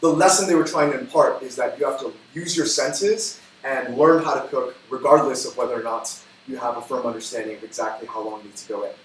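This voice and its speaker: A man hosting a cooking livestream, talking in a chatty, upbeat way with quick asides while he cooks. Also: mid-range voice. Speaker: cooking show host. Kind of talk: casual cooking livestream chat. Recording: echoey room from far off, faint noise.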